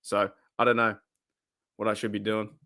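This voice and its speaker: A man's voice: fairly low pitch, level tone, moderate pace, bright, forceful tone. A man with an Australian accent hosting a casual live stream, rambling, repeating himself and laughing often.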